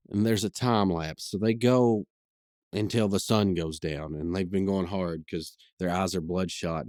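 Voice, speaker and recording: A man's voice: deep voice, a little mellow, no room sound, studio quality. A man hosting a podcast, casually recapping a cartoon episode in a rambling way, full of fillers and brief quoted lines. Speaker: podcast host.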